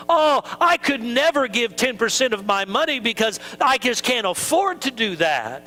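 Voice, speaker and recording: A man pastor delivering a sermon in a chatty, animated way, slipping into voices for the excuses he quotes. His voice sits high and sounds bright and forceful, swinging widely in pitch. A faint mains hum runs under the recording. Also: moderate pace, hardly any pauses, low-quality recording. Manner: conversational preaching, acts out quoted excuses.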